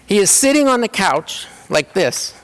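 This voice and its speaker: In a reverberant hall, a keynote speaker with a high-sitting voice tells humorous personal stories at normal speed. He is animated, acting out family members in quoted voices.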